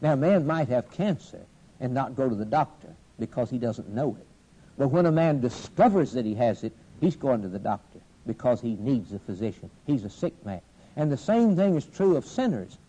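A man's voice: medium pitch, big pitch swings, normal speed, warm tone, husky, lo-fi sound. A man preaching a sermon with fervent, rising and falling emphasis and repeated phrases.

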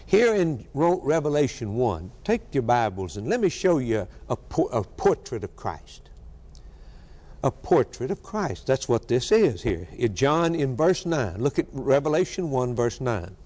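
A man delivers a fervent sermon, driving his points home through repetition. His pitch swings widely between high declarations and low, quiet phrases. The recording carries the long reverb of a large hall. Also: big pitch swings, measured pace. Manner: fervent, emphatic preaching with repetition. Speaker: preacher.

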